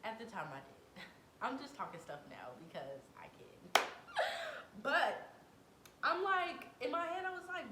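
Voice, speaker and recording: A young adult woman telling a personal story to camera in a dramatic, animated way, full of slang. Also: measured pace, long pauses. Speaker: vlogger. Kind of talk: storytime vlog. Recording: echoey room, faint rumble.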